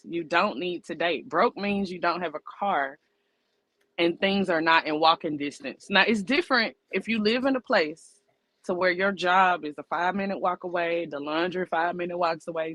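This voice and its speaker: Blunt bright-voiced woman podcaster. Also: lowish voice, moderate pace, no echo, low-quality recording. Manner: blunt, emphatic, breaks points into numbered lists. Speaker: podcast co-host. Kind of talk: casual opinionated chat.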